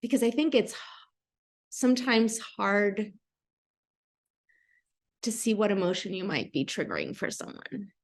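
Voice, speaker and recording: A woman hosting a podcast interview, speaking gently and affirmingly with hesitant phrasing. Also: mid-range voice, expressive, unhurried, pauses often. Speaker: podcast host. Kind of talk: conversational interview.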